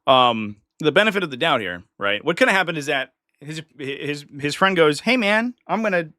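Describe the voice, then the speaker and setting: A man's voice: fairly high pitch, expressive, moderate pace, sharp tone, dry recording, clean studio sound. A man hosting a live stream, talking in a chatty, opinionated way and offering casual commentary. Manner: chatty and opinionated, slips into mock voices of others.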